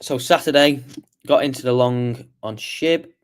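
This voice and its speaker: Sleepy guy hosting a trading stream, casual and relaxed, mid pitch. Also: unhurried, clear, resonant tone. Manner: relaxed, answers chat questions while reviewing charts. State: tired, yawning. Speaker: trading show host. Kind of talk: casual market review livestream.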